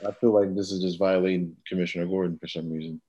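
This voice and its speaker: A man's voice: low-pitched, flat delivery, fast, warm tone, lo-fi sound. A man chatting casually as a podcast co-host, giving blunt, reactive comments. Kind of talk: casual chat.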